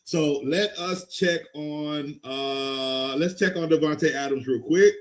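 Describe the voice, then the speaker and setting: A man hosting a live fantasy football stream, excitable and rambling, going from loud hype to low mutters. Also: slow. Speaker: fantasy football show host. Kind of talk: casual live-stream talk.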